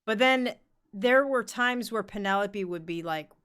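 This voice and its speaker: A woman's voice: mid-range voice, measured pace, fairly bright tone, clear, resonant tone. Young woman podcast host, chatty and frank, loose filler-heavy delivery, mid-range voice. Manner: candid, swears freely, heavy use of "like". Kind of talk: casual chat.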